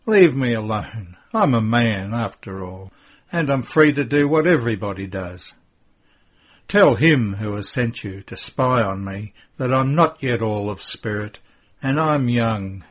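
A man's voice: medium pitch, a little slow, breathy edge. A man reading the part of a rude, defiant young man who turns to scheming, in a devotional story. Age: young adult. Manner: curt, defensive.

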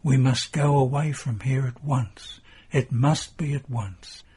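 A man reading the part of Joseph, an anxious husband speaking low and urgently to his wife. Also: slow pace, mellow, slightly rough.

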